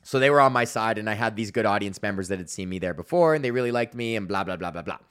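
A man with a lowish, fairly bright, clear and resonant voice talks quickly with lively intonation. He's a stand-up comedian and podcast host giving a casual, profane storytelling monologue, rambling, swearing constantly, laughing at his own jokes and acting out voices in his stories.

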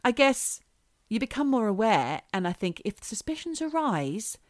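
A woman's voice: on the high side, sing-song, moderate pace, a little mellow, no echo, clean studio sound. A middle-aged woman co-hosting a podcast in casual chat, musing and laughing as she talks. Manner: chatty, laughs often, trails off into musing. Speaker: podcast co-host.

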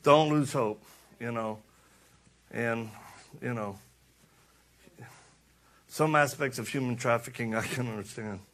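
A man's voice: mid-range voice, slow, pauses often, a bit bright, slight background noise. A middle-aged man preaching a passionate sermon, repeating lines for emphasis and acting out stories with laughter. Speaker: speaker and preacher. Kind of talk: impassioned sermon with storytelling.

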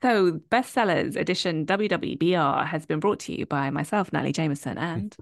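A woman co-hosting a book podcast, chatting in a bubbly way with quick asides and frequent laughs. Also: sits low. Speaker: podcast co-host. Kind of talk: casual chat.

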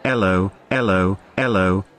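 Guy doing an old local bloke, folksy, knowing, kinda low. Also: measured pace, fairly bright tone. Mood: curious. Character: shrewd old local man, chatty.

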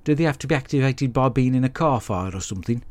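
A man hosting a podcast, recapping a film in a sweary, deadpan, blokey monologue. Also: medium pitch, quick pace. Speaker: podcast host. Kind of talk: comic film review monologue.

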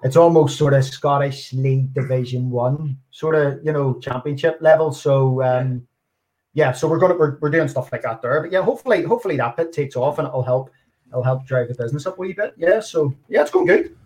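A man's voice: mid-range voice, a little fast, darkish tone. Hesitant Northern Irish man. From Northern Ireland. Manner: hesitant, many fillers and restarts. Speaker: guest, card designer. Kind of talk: casual chat.

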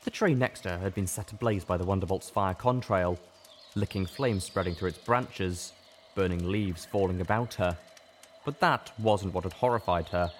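A man narrating a first-person fan fiction story in a steady, measured way. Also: sits low, slight background noise. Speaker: audiobook reader.

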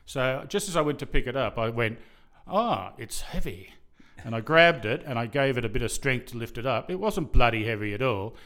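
A man telling a wry, relaxed anecdote as a podcast guest. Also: medium pitch, fast talker, hardly any pauses. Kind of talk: casual interview chat.

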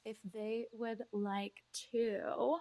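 A woman's voice: a little high, flat delivery, extremely slow, a little mellow, no echo. A woman co-hosting a podcast, talking in a casual, playful way. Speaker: podcast co-host. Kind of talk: casual chat.

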